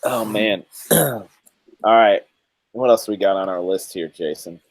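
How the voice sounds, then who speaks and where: A man's voice: on the low side, a little slow, no room sound. A man co-hosting a casual talk show, laughing often and reading chat comments aloud. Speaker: podcast co-host.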